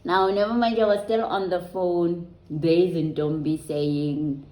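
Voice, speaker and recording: Woman, vlogger, low mellow voice, roomy echo. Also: little pitch movement, gravelly. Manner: conversational and unhurried, trailing off with soft ums. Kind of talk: personal storytelling to viewers.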